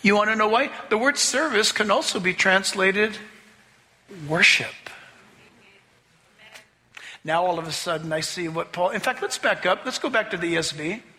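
A man preaching a sermon as pastor to a congregation, with animated emphasis and drawn-out key words. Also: high voice. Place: church sanctuary. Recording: echoey church hall.

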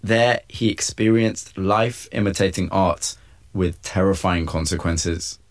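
A man reading scripted documentary narration in a measured, even way. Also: sits low.

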